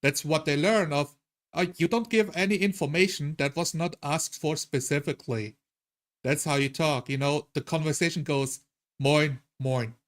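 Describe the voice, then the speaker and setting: A man with a slightly high voice talks on a panel, lively and amused. His speech is casual and easy. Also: normal speed. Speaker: podcast panelist.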